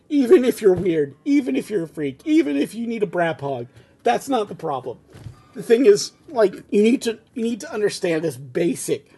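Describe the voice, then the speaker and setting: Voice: medium pitch, a little mellow, husky. A host reading a fan script aloud for comedy and breaking off into exasperated, laughing rants about it.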